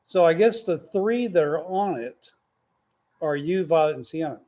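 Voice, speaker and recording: Older grandpa rambling along, kinda high but mellow voice. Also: male voice, expressive, unhurried. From Texas. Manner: rambling, folksy, meandering. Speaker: grandfather podcast host. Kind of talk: casual storytelling chat.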